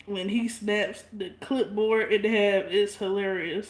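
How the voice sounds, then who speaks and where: A woman's voice: mid-range voice, steady tone, slow pace, few pauses, reverberant, a little hiss or hum. A woman chatting casually and bluntly with her livestream viewers, swearing freely and laughing often. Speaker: livestream vlogger.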